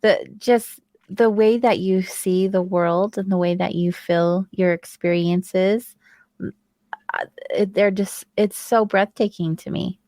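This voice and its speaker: A woman interviewing a guest, admiring and quick to laugh. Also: medium pitch, fairly even intonation, warm tone, no room sound, clean studio sound. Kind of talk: conversational interview.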